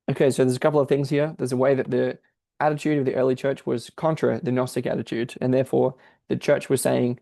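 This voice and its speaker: A man's voice: medium pitch, level tone, fast talker, gravelly, dark tone, dry recording. A man thinking aloud as he explains a difficult text, in a searching, explanatory manner. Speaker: podcast host explaining a text. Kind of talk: exegetical commentary.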